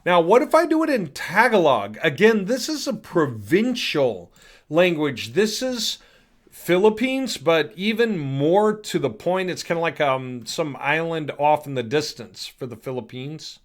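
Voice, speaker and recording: A man hosting a casual software demo, chatty and thinking aloud as he clicks through. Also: on the high side, very animated, measured pace. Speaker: host demonstrating software. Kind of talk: casual screen-recorded product demo.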